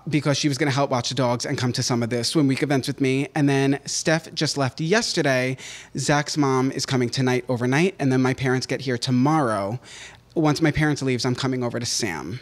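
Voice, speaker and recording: A man co-hosting a podcast in casual chat, rambling through stories with sudden jumps in pitch and loudness. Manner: rambling, chatty storytelling. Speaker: podcast co-host.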